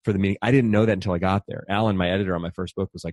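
Middle-aged male author, fast and animated storyteller, lowish voice, dry close sound. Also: no echo. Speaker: author and speaker. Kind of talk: conversational storytelling.

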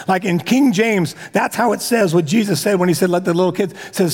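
A man's voice: sits high, brisk, few pauses, darkish tone. A man preaching a sermon as pastor, talking casually with joking asides and frequent restarts. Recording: long hall reverb.

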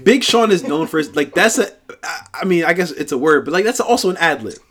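A man co-hosting a podcast in casual chat, talking quickly and defensively with stammering restarts. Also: on the high side, animated, a bit bright. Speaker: podcast co-host.

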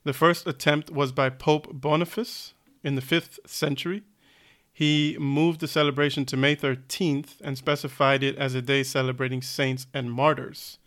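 A man's voice: mid-range voice, level tone, moderate pace, a bit bright. A man co-hosting a casual podcast chat, reading facts aloud with fillers and self-corrections. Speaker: podcast co-host.

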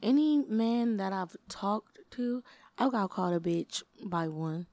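A woman's voice: medium pitch, lively intonation, unhurried, darkish tone, dry recording. A young woman co-hosting a podcast, blunt and brash in casual chat. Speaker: podcast co-host.

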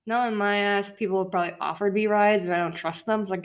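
A woman's voice: steady tone, fast talker, hardly any pauses. A young woman co-hosting a casual podcast, joking and teasing her friend in a wry, laid-back way. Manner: teasing, wry, low-key with laughs. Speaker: podcast co-host. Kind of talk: casual chat.

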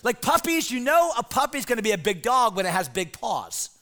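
A middle-aged man preaching as a pastor, telling a comic story to teenagers with lively, shouted bits. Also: very high voice, fairly quick. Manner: animated storyteller, shouts put-on voices. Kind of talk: comic sermon to teens.

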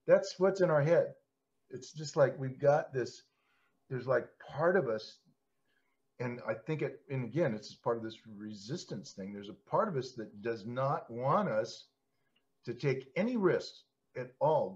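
A man's voice: medium pitch, measured pace. Rambling man hosting a podcast. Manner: rambling, animated storyteller. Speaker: podcast host. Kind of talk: casual chat. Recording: slightly dull podcast audio.

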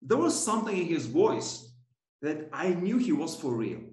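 A man's voice: fairly high pitch, very animated, moderate pace, a little mellow, roomy sound, low-quality recording. A man telling a personal story as a podcast guest, rambling with many restarts and self-corrections and laughing often. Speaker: podcast guest, coach and author. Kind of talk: casual storytelling interview.

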